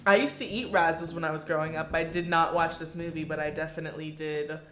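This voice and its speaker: A woman from Texas chatting casually, animated and playful, quick to laugh. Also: sits low, soft background music. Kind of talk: casual chat. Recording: roomy echo.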